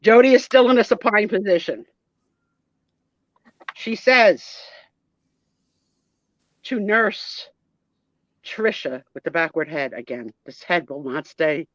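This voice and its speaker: A woman's voice: medium pitch, lively intonation, slow pace, long pauses, no echo. Chatty woman host, dull lo-fi sound. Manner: chatty, self-mocking asides. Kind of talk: playful doll storytelling on a live stream.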